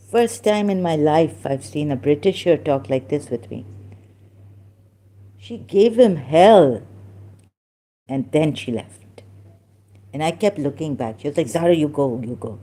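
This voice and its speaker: Woman, unhurried, halting, mellow low voice, personal storytelling. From Pakistan. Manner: halting, with many restarts and fillers; slips into Urdu phrases.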